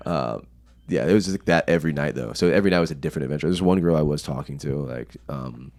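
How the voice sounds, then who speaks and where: A young American man, guesting on a podcast, tells stories casually while swearing a lot and laughing. His voice is a rumbling low, darkish in tone, at a quick pace.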